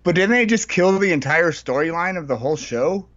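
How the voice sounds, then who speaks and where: A man co-hosting a casual wrestling podcast, relaxed and rambling. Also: on the high side, brisk, dry recording. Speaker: podcast co-host. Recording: dull dry sound.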